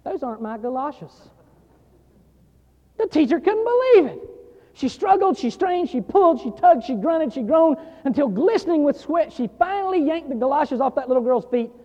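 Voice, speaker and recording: In a church sanctuary, a pastor with an unusually high voice delivers an emphatic sermon at a moderate pace, his pitch swinging widely. He tells stories between bursts of emphasis, repeating phrases and growing louder on key lines. Every line trails off into a long reverb in the dull, muffled recording.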